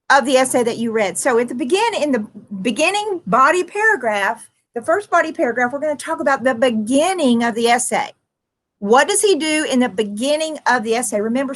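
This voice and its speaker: A high-pitched woman talks through a writing lesson as a teacher. She thinks aloud with plenty of ums, corrects herself, and slows down on the words she wants to stress.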